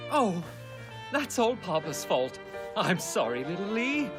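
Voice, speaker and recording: A man's voice: high voice, very animated, full character voice. An actor playing a scheming noble lord who turns into a gushing, baby-talking father around his little son, in an English anime dub. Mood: doting. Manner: grave, measured in council. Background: music.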